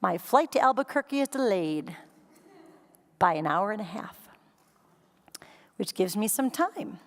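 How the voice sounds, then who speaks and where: A woman giving a keynote speech, telling a funny story in an animated way and acting out scenes and quotes for a live audience. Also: mid-range voice, a little slow. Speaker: keynote speaker. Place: conference stage before a live audience.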